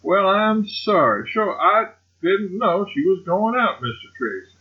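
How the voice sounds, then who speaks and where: Male reader as a gushing old colonel, emphatic and pitched up; muffled audio. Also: big pitch swings, unhurried, slightly rough, heavily acted. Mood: effusive. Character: boastful elderly male colonel, effusive and scheming.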